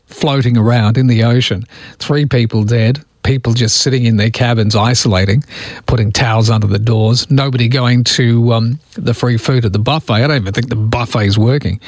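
A man's voice: medium pitch, dry recording. Wry, chatty talk radio man. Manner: chatty, wry, laughs at own remarks.

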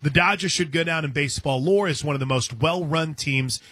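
A man's voice: fairly high pitch, a little fast, pushed and bright, slightly rough, dry recording. A man hosting a sports radio show, talking casually and reading listener messages from a studio microphone. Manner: rambling, reads listener messages.

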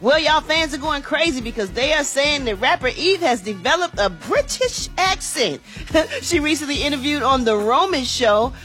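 A chatty woman delivers the entertainment news on morning radio in a slightly high voice, loose and slangy as she talks to her listeners. Faint music plays underneath. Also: lively intonation, normal speed, fairly bright tone.

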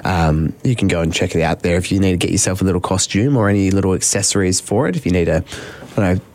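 A man's voice: low-pitched, quick pace, darkish tone. A man co-hosting a breakfast radio show in chatty banter. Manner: chatty, laughing asides. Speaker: radio co-host.

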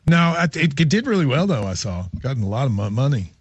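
A man hosting casual morning radio banter, chatty and teasing, with halting restarts. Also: mid-range voice, sing-song, breathy edge, no room sound, muffled recording. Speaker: radio show host.

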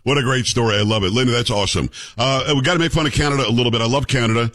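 A man hosting a talk show, animated and opinionated, often repeating words as he starts a sentence, in a general American accent. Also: mid-range voice, racing. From New York. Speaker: radio and podcast host. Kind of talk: casual talk show banter and commentary.

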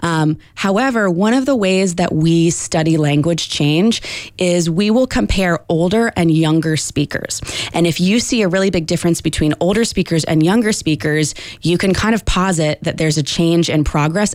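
A woman linguistics professor answering radio interview questions in a clear, measured, explanatory way. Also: on the low side, darkish tone, no echo.

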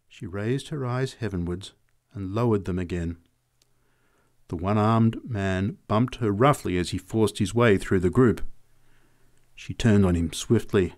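A man's voice: fairly low pitch, a little slow. A man narrating a story in the first person as an audiobook reader. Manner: lively, expressive reading.

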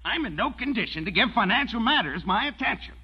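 Ranting hot-headed rancher, husky voice, high and swooping, dull old film sound. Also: male voice, very animated, fast talker, full character voice. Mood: aggrieved. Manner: ranting, bellowing complaints. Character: blustering irritable rancher man, short-tempered.

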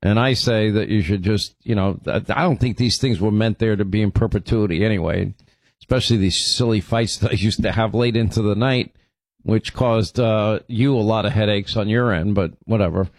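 A man's voice: lowish voice, moderate pace, no echo, clean studio sound. A man hosting a political commentary show, talking conversationally with a sarcastic edge. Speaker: host.

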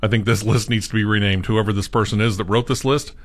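A man's voice: fairly low pitch, fairly even intonation, quick pace. A man co-hosting a casual radio chat, dropping wry asides. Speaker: radio co-host.

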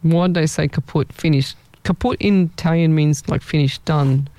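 Doing live-stream readings as a psychic medium, this woman chats and rambles, repeating words frequently. She speaks at a moderate pace in a low-pitched, dark voice, with no room sound.

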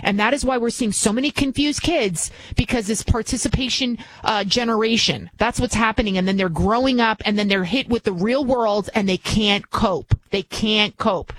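A woman's voice: on the high side, moderate pace, a bit bright. A middle-aged woman from the New York area, filling in as a talk radio host and delivering a blunt, emphatic, mocking opinion monologue.

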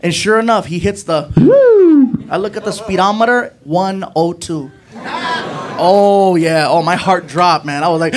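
A male stand-up comedian telling an animated story on stage, recorded live with audience noise in a comedy club. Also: high-pitched, normal speed, crowd noise. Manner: animated, building to shouts.

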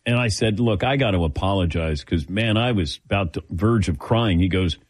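A man's voice: sits low, normal speed. An older man hosting a sports talk show, telling stories casually and acting out the dialogue. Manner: animated, acts out quoted dialogue. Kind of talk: casual on-air storytelling.

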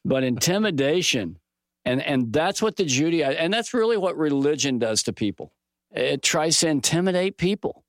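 A middle-aged man teaching from the Bible in a relaxed, folksy way, mixing scripture with a personal sports story and lively quoted dialogue. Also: a little high, moderate pace, no room sound, studio quality. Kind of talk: conversational Bible teaching with stories.

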